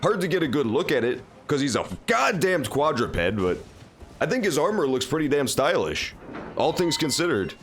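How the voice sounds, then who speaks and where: A man's voice: on the high side, big pitch swings, moderate pace, slight background noise. A man streaming a game, giving casual, joking and profane commentary. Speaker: gameplay streamer. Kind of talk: casual live gameplay commentary.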